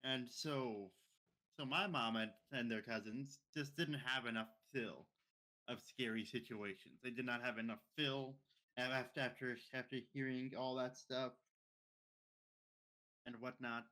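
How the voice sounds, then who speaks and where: Young male podcast co-host, bright tone, rambling casual storyteller who repeats and restarts his phrases. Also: medium pitch, fairly even intonation, a little slow. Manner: rambling, repeats words and restarts, mimics others' speech.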